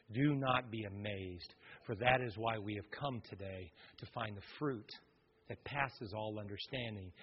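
A male pastor preaching a sermon, swinging from loud, lively passages to hushed, quiet ones. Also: on the low side, highs cut off, a little hiss or hum.

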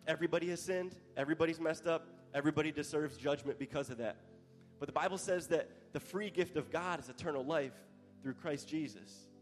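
A male pastor preaching a sermon with passion, growing louder at the climaxes. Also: fairly high pitch, fairly quick. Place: church hall. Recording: live church hall with long reverb and soft music.

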